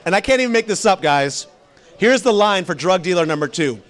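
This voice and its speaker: A man's voice: high voice, a little fast. A male stand-up comedian telling rambling stories and talking with the audience. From immigrant background. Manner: animated, rambling, crowd work.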